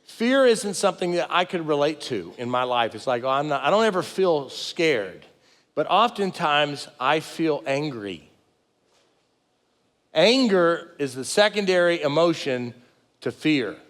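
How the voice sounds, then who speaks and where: Middle-aged pastor, fairly high voice, lively folksy sermon delivery that acts out quotes. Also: male voice, unhurried, in a large hall. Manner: animated, folksy and self-deprecating, acting out quoted lines. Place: church sanctuary with multiple campuses.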